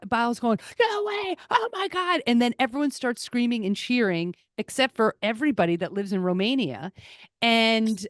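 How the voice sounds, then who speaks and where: A woman's voice: a little high, clear, resonant tone, dry recording, studio quality. A woman hosting a podcast, gushing and rambling through casual sports talk. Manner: excitable, gushing, rambling storyteller. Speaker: podcast host.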